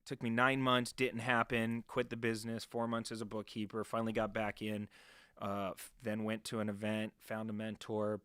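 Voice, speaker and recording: A man speaks as a guest with a bright, tense edge to his voice. He tells his story candidly and uses a lot of profanity, dropping low and then rising loud. The sound is close and dry, with no room echo. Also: normal speed, smooth. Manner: animated, profane, swings from hushed to loud. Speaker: guest, real estate investor.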